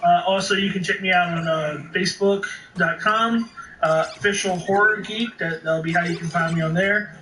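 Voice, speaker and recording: On a podcast, a male guest chats casually but hesitantly, rambling and often restarting his sentences. His voice sits high and sounds pushed and bright, moving at a normal speed. The mic is distant and noisy, in an echoey room.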